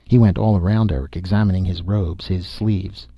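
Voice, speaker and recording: A man narrating a science fiction story in a steady, measured reading. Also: low voice, no echo. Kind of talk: audiobook narration. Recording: dull, lo-fi dry recording.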